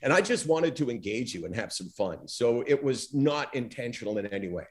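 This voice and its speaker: A middle-aged man, a former talk show host, telling stories as a podcast guest and acting out the dialogue he quotes. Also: brisk. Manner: animated storyteller, acts out quoted dialogue with big pitch swings. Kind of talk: storytelling interview talk.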